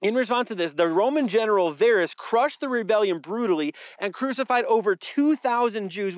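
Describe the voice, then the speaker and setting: Male pastor, high voice, conversational sermon delivery with wry asides, dry recording. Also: no room sound. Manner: conversational preaching with dry jokes and repeated phrases.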